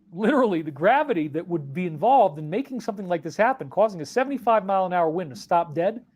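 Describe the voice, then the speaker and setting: A man earnestly telling a dramatic spiritual story about his own experience. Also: high-pitched. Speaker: spiritual speaker. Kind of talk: emotional personal storytelling.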